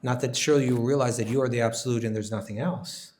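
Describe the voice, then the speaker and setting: A man teaches a scripture class with a mid-pitched voice. He explains with animated emphasis and often restarts phrases while thinking aloud. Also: quick pace.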